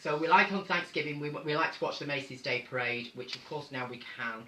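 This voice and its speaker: A man's voice: fairly high pitch, fairly quick, bright, forceful tone, reverberant, a little hiss or hum, poor audio. A man with a North Manchester accent hosting a casual live stream from his home, chatty and theatrical, calling his viewers darling. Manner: camp, chatty, theatrical, calls people darling. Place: home room.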